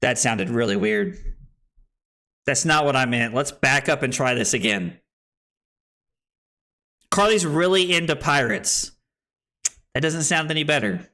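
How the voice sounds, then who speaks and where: Bright-voiced joking young streamer man. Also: medium pitch, lively intonation, measured pace, pauses often. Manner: playful, self-deprecating, chatting with viewers while playing. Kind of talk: live card game stream commentary.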